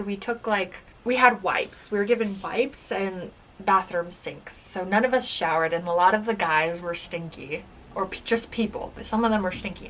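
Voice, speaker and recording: A woman's voice: mid-range voice, fairly bright tone. Chatty woman telling a story. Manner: chatty storytelling, lots of filler "like". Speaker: former game show contestant. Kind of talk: casual reaction vlog.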